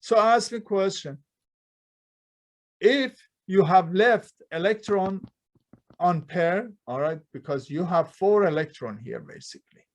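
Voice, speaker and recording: Teaching chemistry in a lecture hall, a man with a slightly higher-than-average voice keeps posing questions to the room and answering them himself. His delivery is conversational and unhurried, and his non-native grammar drops plurals and articles.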